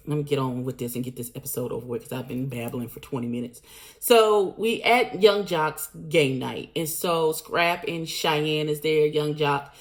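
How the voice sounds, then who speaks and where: A woman vlogger recapping a show in a blunt, animated, slangy storytelling manner. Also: low-pitched. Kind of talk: casual recap monologue.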